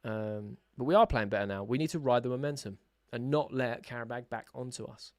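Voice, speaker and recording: A young man hosting a live football watch-along, chatting casually with his viewers, excitable and sarcastic, shouting when his team scores. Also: medium pitch, fairly quick, no echo, studio quality. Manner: excitable, bursts into shouts at goals, sarcastic banter with chat. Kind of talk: live match reaction chat.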